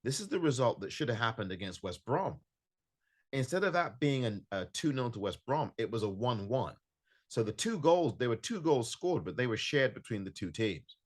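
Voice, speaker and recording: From his California home, a solo football podcast host goes over a match with frustrated emphasis, repeating himself to drive points home. His medium-pitched voice is very animated and moves at a moderate pace.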